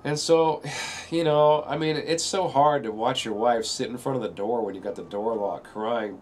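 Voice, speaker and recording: A man's voice: medium pitch, normal speed, darkish tone, slight background noise. A middle-aged man telling a painful personal story in a rambling way, often saying "you know" and straining not to break down. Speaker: video speaker sharing a personal story. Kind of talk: emotional personal monologue.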